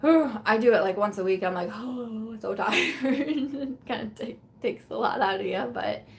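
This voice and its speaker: A woman's voice: on the high side, animated, normal speed, gravelly, slight background noise. Young woman, tired, chatty live-stream host; rambling, casual home-camera delivery. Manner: chatty and rambling, with frequent fillers, restarts and laughs. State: tired, yawning. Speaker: beauty vlogger hosting a live chat.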